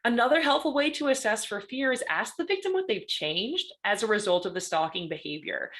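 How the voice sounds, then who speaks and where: A woman gives a presentation as a guest speaker. She talks in a lively, conversational way and keeps checking in with her listeners by asking "right?" after her points. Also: medium pitch, a little fast. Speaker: guest panelist on stalking. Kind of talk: presentation talk.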